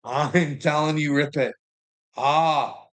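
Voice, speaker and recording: A man's voice: fairly high pitch, fairly even intonation, slow pace, low-quality recording. A man ranting in a casual chat to a friend, agitated and heavy on profanity, laughing often between lines. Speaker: person telling his story.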